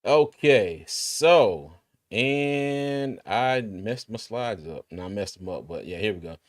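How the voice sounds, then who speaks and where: A man's voice: fairly low pitch, lively intonation, slow. A man hosting a casual sports live stream, laid-back and chatty, with many fillers and restarts. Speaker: sports podcast host.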